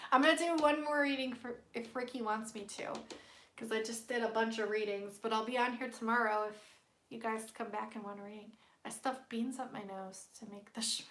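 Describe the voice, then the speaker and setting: Giggly high-voiced woman with a stuffy nose. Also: steady tone, moderate pace, fairly bright tone, echoey room. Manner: playful and giggly, hums silly tunes. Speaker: tarot card reader. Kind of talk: casual live-stream chat.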